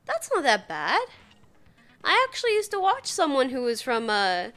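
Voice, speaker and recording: A woman's voice: high-pitched, huge pitch swings, moderate pace, fairly bright tone. A woman with a Saskatchewan accent, chatting casually on a game stream, giggling often and swearing casually. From Saskatchewan, Canada. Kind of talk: casual gaming stream chat.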